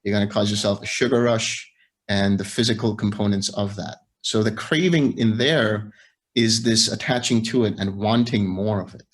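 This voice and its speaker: Calm, low-voiced male meditation teacher. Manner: patient, measured, builds on examples step by step. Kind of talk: calm explanation of practice.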